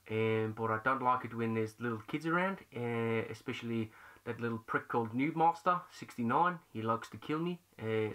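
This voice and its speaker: A man doing a quiet, dopey impression of a friendly male rock creature, with a muddled mix of accents. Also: medium pitch, lightly acted. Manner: soft, quieter than his own voice.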